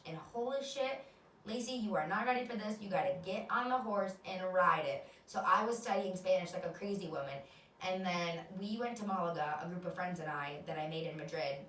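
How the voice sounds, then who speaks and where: A woman in her twenties hosts a podcast and tells her own stories in an open, animated way, swearing without a second thought. Her voice sits on the low side. She sounds a little distant from the mic, in an echoey room with faint noise behind her. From United States. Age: 20s. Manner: candid, animated, swears casually. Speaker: podcast host. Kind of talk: casual storytelling monologue.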